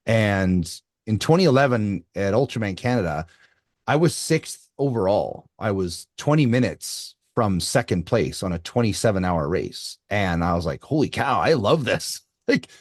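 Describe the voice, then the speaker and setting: A man in his fifties tells his story as an interview guest, animated and full of quick restarts. His voice sits fairly low. The sound is dry and close, with no room echo. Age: 50s. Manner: animated, lively retelling with many restarts. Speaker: endurance athlete guest.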